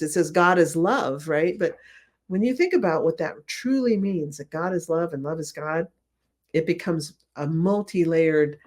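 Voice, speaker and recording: A middle-aged woman, a remote viewing instructor, telling stories in a casual interview with enthusiasm, softly acting out quotes. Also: deep voice. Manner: enthusiastic, animated retelling with soft acted quotes.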